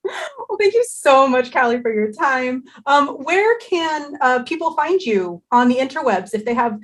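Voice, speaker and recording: A woman's voice: sits high, sing-song, measured pace. A woman hosting a casual interview, upbeat and enthusiastic, laughing often. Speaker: interview host.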